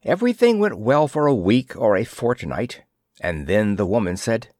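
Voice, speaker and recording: A man reading a fairy tale aloud in a measured, expressive storytelling manner. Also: lowish voice, dry recording, studio quality. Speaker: narrator.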